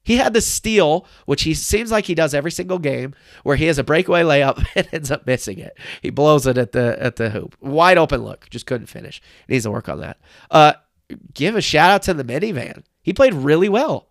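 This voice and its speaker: A young man hosting a solo sports podcast, recapping a game in emphatic, excitable fan talk into a close mic. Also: a little high, fairly quick, vocal fry, dry recording. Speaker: podcast host.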